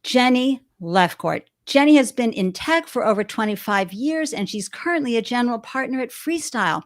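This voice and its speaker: An effusive woman hosts a live-streamed interview show, greeting her viewers by name with gushing enthusiasm. Her voice sits a little high for a woman. She talks into a webcam on a video call from a home studio. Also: expressive, moderate pace. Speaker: show host. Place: home studio with balloons behind.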